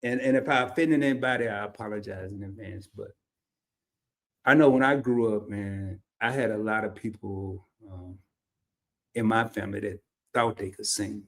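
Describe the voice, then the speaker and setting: With a lowish, somewhat bright voice and fairly even intonation, this Arkansas livestream host speaks at a normal speed. He tells stories casually in a Southern accent, relaxed and drawling.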